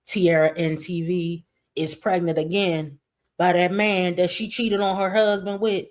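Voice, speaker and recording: A woman's voice: fairly low pitch, little pitch movement, unhurried, a little mellow. A woman hosting a reaction vlog, blunt, profane and sassy, leaning on catchphrases. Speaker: reaction channel host.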